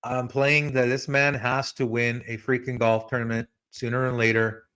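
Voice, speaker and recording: A man of middle pitch hosting a podcast in an easygoing, conversational way. He talks loosely and chattily, turning now and then to his co-host as he goes. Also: normal speed, clear, resonant tone. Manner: relaxed and chatty, addresses co-host by name. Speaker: podcast host giving betting picks. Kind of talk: casual podcast chat.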